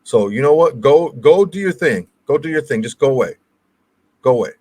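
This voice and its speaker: A man's voice: mid-range voice, expressive, fairly quick, mellow, slightly rough. A man co-hosting a casual sports podcast in an ordinary mid-range voice. He is blunt and dismissive and tends to repeat his phrases for emphasis. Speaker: podcast co-host.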